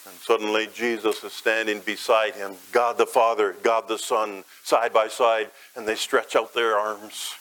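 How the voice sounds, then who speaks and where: A man preaching a sermon as guided imagery, dramatic, swelling loud and high, then dropping soft and low. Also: level tone, measured pace, few pauses, poor audio.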